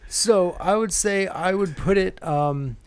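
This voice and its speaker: A man's voice: high voice, slow, clean tone. A man co-hosting a podcast, chatting casually about songs in an easygoing way and laughing readily. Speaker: podcast co-host. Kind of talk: casual music chat.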